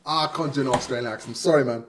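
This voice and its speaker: A man's voice: mid-range voice, very fast, a bit bright, recorded from a distance, slight background noise. A man hosting a live stream alone, chatting casually and stumbling over hard player names.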